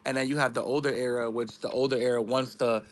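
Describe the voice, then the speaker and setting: Young man, mid-pitched voice, casual rambling explainer in a group chat. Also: fairly even intonation, fast. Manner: rambling, filler-heavy explaining.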